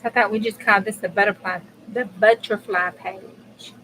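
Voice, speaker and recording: A woman's voice: medium pitch, steady tone, moderate pace, bright, forceful tone, slight background noise, poor audio. A woman hosting a casual live crafting chat, chatty and blunt, swearing freely and talking straight to her viewers. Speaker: crafting channel host.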